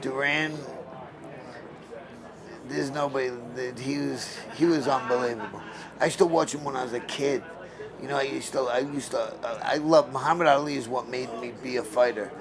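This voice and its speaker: A gravelly-voiced man in his sixties tells stories from his boxing days in a blunt, emphatic way, often restarting his sentences. His speech sits at an average pitch. A crowd murmurs around him. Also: normal speed. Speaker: former boxer. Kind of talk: interview storytelling. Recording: crowd noise around the mic.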